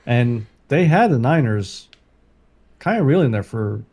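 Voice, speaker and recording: Man co-host, sports pod, relaxed, hesitant, lively pitch movement. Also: measured pace, breathy edge. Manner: laid-back, hesitant, with fillers. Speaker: podcast co-host. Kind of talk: casual sports podcast chat.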